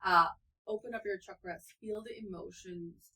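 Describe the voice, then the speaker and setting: A woman's voice: mid-range voice, fairly even intonation, moderate pace, sharp tone, slightly rough, poor audio. A woman co-hosting a podcast who offers energy healing, speaking in an earnest, affirming way. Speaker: podcast co-host, energy healer. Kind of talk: casual podcast conversation.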